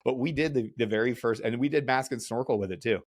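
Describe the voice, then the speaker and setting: A man hosting a podcast, casually telling animated stories, acting out voices and laughing often. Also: medium pitch, fast talker. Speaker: podcast host. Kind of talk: casual storytelling chat.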